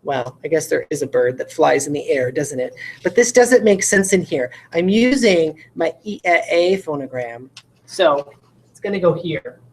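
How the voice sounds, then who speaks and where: A woman's voice: sits low, lively intonation, normal speed, breathy edge. A woman teacher giving a recorded video lesson, explaining each step patiently and checking in with questions to her listeners. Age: adult parent.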